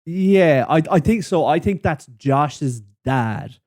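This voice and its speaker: A man co-hosting a podcast, reviewing a film in casual chat, amused and quick to laugh. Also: on the high side, animated, darkish tone, dry recording, clean studio sound. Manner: amused, laughs often, mimics characters. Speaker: podcast co-host.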